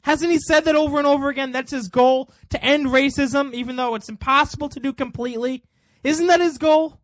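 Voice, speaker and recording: A man's voice: extremely high pitch, fairly even intonation, fairly quick, no echo. A man hosting a political commentary show, delivering an indignant monologue full of rhetorical questions.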